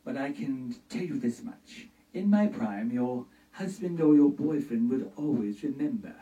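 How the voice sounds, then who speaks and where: A man doing a falsetto impression of a haughty older woman who is an actress, loud and grand. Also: expressive, unhurried, recorded from a distance, close to an everyday voice, rough recording.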